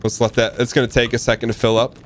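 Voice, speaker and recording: A man's voice: medium pitch, level tone, fast, slight background noise. Inquisitive male gaming streamer. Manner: friendly, asks many questions. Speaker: streamer host. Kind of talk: casual gaming chat.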